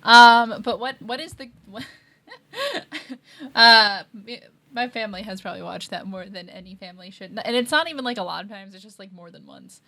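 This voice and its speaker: A woman's voice: a little high, normal speed, sharp tone. A woman co-hosting a casual review chat, laughing easily and telling stories with animation. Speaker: co-host.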